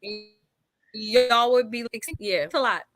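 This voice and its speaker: A woman's voice: a little high, measured pace. A woman guest from Norristown, Pennsylvania, talking casually in a blunt, emphatic and informal way. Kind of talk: casual chat.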